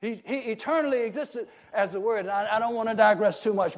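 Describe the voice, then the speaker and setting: A man preaching a sermon, asking the congregation questions and swelling into emphatic shouts as listeners call back. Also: sits high, fast talker. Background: congregation calling out responses.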